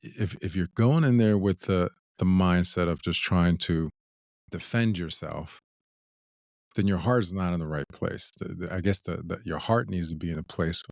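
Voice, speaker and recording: A man's voice: sits low, normal speed, vocal fry, a little mellow, dry recording, studio quality. A man hosting a relationship talk podcast, talking thoughtfully with frequent restarts and repeated words. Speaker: podcast host. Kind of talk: casual discussion.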